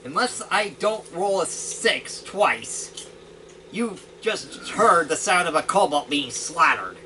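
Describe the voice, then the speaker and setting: A man's voice: a little high, slow pace. A man running a tabletop game as game master, narrating dice rolls and combat with a laugh. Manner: laughing, animated storytelling. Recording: noisy home recording.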